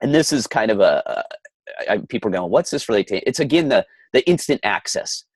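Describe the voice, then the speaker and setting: A man's voice: on the low side, big pitch swings, fairly quick, breathy edge, dry recording. A middle-aged man co-hosting a podcast, ranting heatedly in casual chat with frequent stammering restarts. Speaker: podcast co-host.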